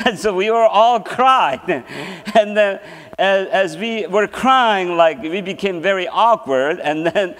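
This seminar presenter's sermon rings through a church hall with a long reverb tail. He speaks in a high, fairly bright voice, laughing frequently as he recounts something from his own life.

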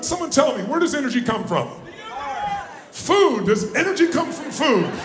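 Loud pumped-up guy revving up a crowd at a seminar, high voice, echoey room. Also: creaky. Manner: booming, exhorting, calls for audience response. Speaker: motivational speaker. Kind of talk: live motivational seminar talk. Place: large conference room with audience. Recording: echoey live room with faint noise.

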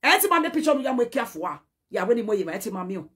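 A Nigerian woman delivers a heated message straight to camera, her voice husky and pitched a little high. She scolds and pleads by turns, running Pidgin and a local language together. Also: sing-song, very fast, fairly bright tone. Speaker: social media personality.

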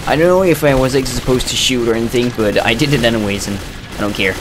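Excitable young gamer over game noise. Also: male voice, medium pitch, fast talker. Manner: excitable, swears and laughs at the game. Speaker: gamer commentating a playthrough. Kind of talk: casual let's play commentary. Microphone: desk mic with facecam. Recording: gameplay noise under voice.

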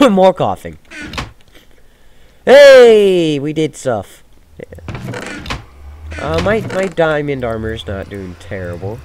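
A man talks over his gameplay in an unhurried, drawn-out way, but his pitch leaps around as he goes. He moves from loud, excited shouts down to quiet mumbled asides. There is a clear hiss of noise behind him on the recording. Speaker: gaming video host. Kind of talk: casual let's-play commentary. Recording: noisy home gaming recording.

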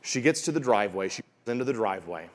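Man, real estate coach, seminar talk, energetic, repeats himself, acts out quotes. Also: lowish voice, rapid-fire. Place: room with an audience. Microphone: wearing a mic.

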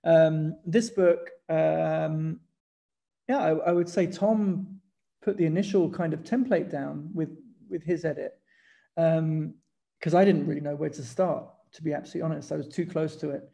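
An English man, a guest photographer in a casual conversation, chatting in an animated, storytelling way and laughing as he goes. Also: on the high side, moderate pace, gravelly. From England.

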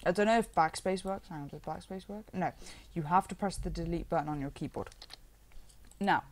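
A woman's voice: fairly low pitch, a little fast, a little hiss or hum. Chatty woman giving a modding tutorial. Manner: chatty, rambling, with self-deprecating asides. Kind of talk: casual screen-recorded software tutorial.

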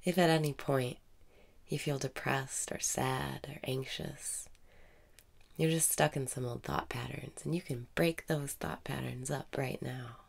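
Low gravelly woman guiding meditation. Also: fairly even intonation. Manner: slow, soft, often half-whispered. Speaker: meditation guide. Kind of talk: guided meditation.

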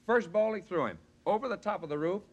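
Casting note: man, slightly high-pitched voice, gruff animated raconteur on a vintage TV talk set. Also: quick pace. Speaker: talk show guest. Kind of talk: anecdote-telling chat. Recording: 1963 studio show, audience behind.

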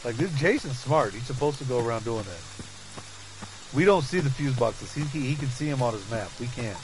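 A man commentating his own gameplay, loud and profane, taunting and laughing, with swings from low mutters to shouts. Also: expressive, a little fast, a little hiss or hum, rough recording. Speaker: gamer streaming play.

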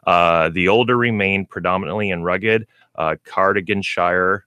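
Guy on a pet radio show, kinda low voice, stumbles reading stuff, dry studio sound. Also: pushed and bright, clear, resonant tone, no room sound. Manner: reads haltingly, stumbles over words. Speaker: co-host, pet store representative. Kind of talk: casual radio chat.

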